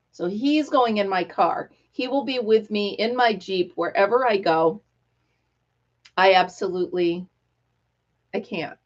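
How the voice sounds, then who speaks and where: A middle-aged woman hosting a casual live stream, talking excitedly and telling stories with quoted voices. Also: mid-range voice. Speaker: livestream host. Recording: dull lo-fi live-stream audio.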